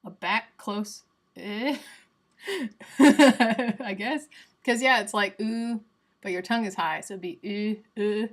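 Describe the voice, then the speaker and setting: On a livestream, a young woman with a Southern US accent gives a casual phonetics lesson, playfully sounding out examples as she chats. Her mid-range voice is fairly bright and unhurried.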